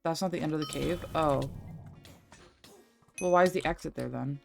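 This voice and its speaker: Streaming a game with faint music in the background, a young woman talks casually in a deep, creaky, slightly mellow voice at a moderate pace, her chat rambling, full of fillers and loose with swearing.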